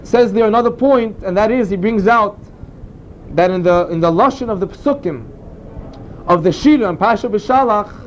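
Very high-voiced man teaching. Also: moderate pace, lo-fi sound, slight background noise. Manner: earnest, explanatory storytelling. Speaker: Torah teacher. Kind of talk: informal Torah class.

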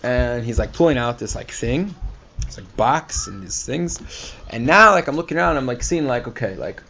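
A man casually tells a personal story, rambling with lots of fillers and acting out the people he quotes. His mid-range, creaky voice moves at a normal speed, captured in a dull lo-fi recording with faint hiss.

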